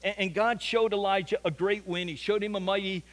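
High-voiced preacher in a reverberant hall. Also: male voice, steady tone, fairly quick. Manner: earnest storytelling preaching, repeats words when stressing a point. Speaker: pastor. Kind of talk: sermon. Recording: long reverb of a large hall.

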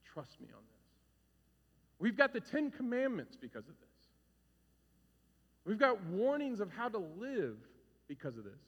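A man in his forties preaching a sermon as a pastor, animated and conversational, acting out stories with shouts. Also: high-pitched, a little slow, long pauses, highs cut off. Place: church hall. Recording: reverberant hall.

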